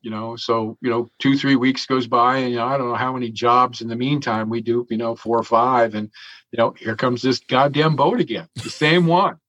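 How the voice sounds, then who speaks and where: A man's voice: mid-range voice, steady tone, normal speed, fairly bright tone. Profane, chuckling male storyteller, lo-fi. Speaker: interview guest telling a story. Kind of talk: casual storytelling.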